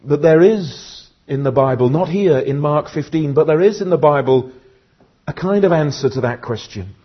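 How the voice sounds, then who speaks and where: A man with a slightly raised pitch and a husky voice preaches an earnest sermon in a church. He often says "uh" and repeats words, and he grows slow and soft as he reads from scripture. The recording sounds dull and lo-fi. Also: animated. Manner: slows and softens when reading scripture aloud.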